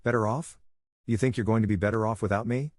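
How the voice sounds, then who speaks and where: A man's voice: lowish voice, fairly even intonation, fast talker, a little mellow, no room sound, clean studio sound, close to an everyday voice. A man reading the lines of a smug, sarcastic husband in a scripted story, dismissive and scornful in manner.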